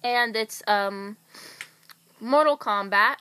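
Woman, podcast host, casual friends chat, playful, rambling, slightly high voice. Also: slow pace, bright, forceful tone, clean tone. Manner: playful, rambling, frequent ums.

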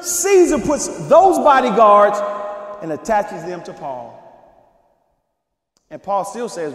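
High-voiced preaching man in echoey hall. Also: expressive, slow pace, long pauses. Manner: emphatic preaching, swinging from shouts to low asides. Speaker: pastor. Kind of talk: sermon.

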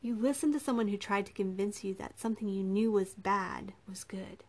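A soft-spoken, persuasive prince who coaxes rather than commands, as a woman narrator puts him on. He speaks gently and patiently in a storybook reading, at a plain middle pitch. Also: normal speed, close to an everyday voice. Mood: calm, persuasive. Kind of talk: audiobook character reading.

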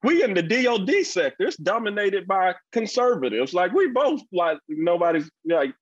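A man in his forties with a Mississippi accent, a guest in a casual interview who tells stories bluntly and talks fast. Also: high-pitched, no echo. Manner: blunt, animated storyteller, fast-talking. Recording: dull lo-fi dry recording.

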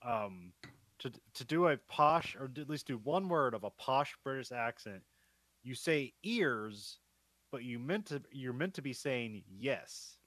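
A man's voice: medium pitch, lively intonation, unhurried, a bit bright, no echo. A man co-hosting a film podcast, recapping scenes in a loose, chatty way and laughing often. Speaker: podcast co-host.

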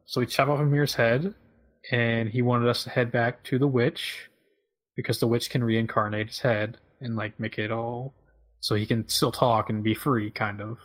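A man's voice: medium pitch, moderate pace. A young man chatting casually as a co-host, retelling a video game's story with lots of fillers. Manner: relaxed, filler-heavy storytelling. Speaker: podcast co-host. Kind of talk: casual chat recapping a video game.

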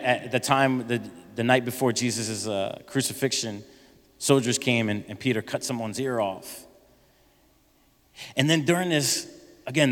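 A man preaching a sermon as pastor, lively, acting out the Bible figures' lines in his own voice. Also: medium pitch. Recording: long hall reverb.

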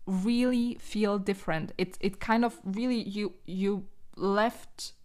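A woman's voice: mid-range voice, steady tone, takes it slowly, a little mellow. A woman who works as a constellation therapist, talking in a casual podcast chat, thoughtful and often checking in with "right?".

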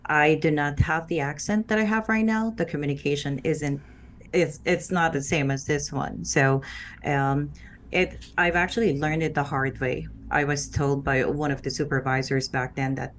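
Low-voiced Filipino woman, earnest. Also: fairly even intonation. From Philippines. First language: Filipino language. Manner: earnest, unhurried, with filler pauses. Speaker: former call center agent, guest. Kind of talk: conversational interview answers.

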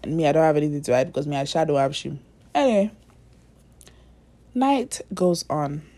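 A woman's voice: deep voice, very animated, normal speed, noisy background. A young woman hosting a podcast, telling a dating story to her listeners in a blunt, profane, dramatic way, sometimes dropping to a near-whisper for asides.

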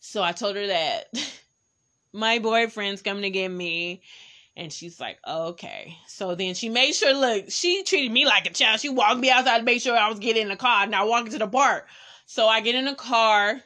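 Brief: young woman, Bay Area accent, podcast host, frank casual storytelling, crisp bright tone. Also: on the high side, moderate pace. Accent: San Francisco Bay Area. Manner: candid, animated, speaks straight to listeners.

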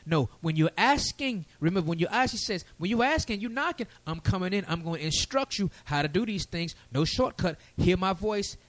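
A man preaching a sermon, lively and folksy with casual asides. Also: sits high, fairly quick, hardly any pauses, no echo.

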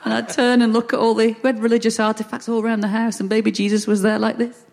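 A woman's voice: fairly high pitch, level tone, fast, vocal fry, darkish tone. A middle-aged woman from Lancashire, chatting as a podcast guest on a festival stage, laughing and acting out the people in her stories. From Lancashire, England. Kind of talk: casual chat, anecdotes. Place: festival stage before a live audience. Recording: reverberant live stage audio.

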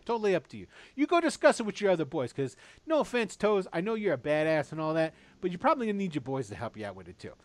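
A man's voice: fairly high pitch, sing-song, fast, few pauses, no room sound. A man doing a chatty wheedling tavern boss. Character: chatty male tavern boss hiring crew.

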